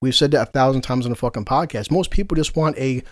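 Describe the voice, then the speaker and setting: A man's voice: mid-range voice, fast, dry recording, studio quality. A man in his forties hosting a podcast in casual chat, swearing a lot and laughing through rambling stories. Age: 40s. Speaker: podcast host.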